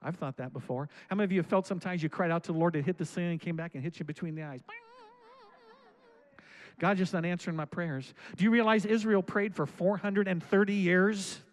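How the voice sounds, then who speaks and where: Male pastor, high voice, reads scripture and then exhorts loudly. Sermon delivery. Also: fast talker, few pauses, rough recording. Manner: preaching with rising, shouted exhortations.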